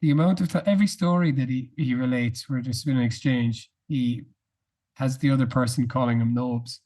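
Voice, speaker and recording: A man co-hosting a casual podcast chat, setting quiz questions in a measured, wry way. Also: mid-range voice, steady tone, darkish tone. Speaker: podcast co-host.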